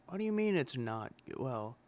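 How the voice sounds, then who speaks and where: A man's voice: mid-range voice, darkish tone. A young man streaming casually, rambling between guitar playing with lots of swearing and mumbled filler.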